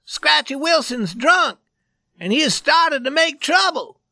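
Excited young messenger, performed by a man: raised pitch, urgent, lively delivery. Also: normal speed, creaky, dry recording, studio quality, heavily acted.

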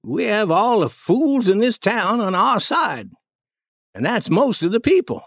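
Storybook villain: a man putting on a smooth-talking swindler king, high and animated, dry sound. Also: unhurried, no room sound, heavily acted. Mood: persuasive. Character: scheming middle-aged male con man, king.

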